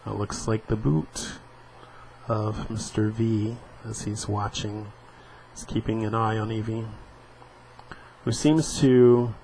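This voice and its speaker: A man talks his way through a comic at a slow, unhurried pace, pausing often with fillers as he works out what is happening on the page. His voice sits at an ordinary middle pitch, with faint ambient noise in the background. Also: darkish tone, low-quality recording. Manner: slow, hesitant, with frequent fillers. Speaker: comic book reader and reviewer. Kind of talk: reading a comic aloud with commentary.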